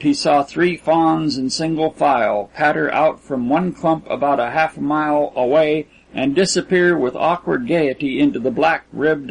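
A man with a husky, slightly raspy voice reads a literary story aloud. His pitch sits a little higher than most men's, and his delivery is measured and even. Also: poor audio. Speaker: audiobook narrator. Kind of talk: scripted literary narration.

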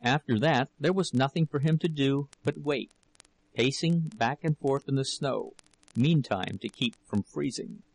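A man narrating an audiobook of a novel in a measured, steady storytelling manner. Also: mid-range voice, gravelly, rough recording.

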